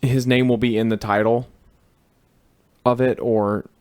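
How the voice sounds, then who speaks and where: A young man co-hosting a podcast in an easygoing, halting way with many fillers. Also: medium pitch, flat delivery, a little mellow, clean tone. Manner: hesitant, lots of fillers, easygoing. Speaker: podcast co-host. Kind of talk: casual chat.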